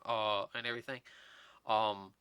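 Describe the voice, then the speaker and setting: A man's voice: lowish voice, little pitch movement, measured pace, a bit bright, clear, resonant tone, no echo. A man hosting a podcast, chatting casually about films in a rambling way, full of fillers and restarts, and teasing his co-host.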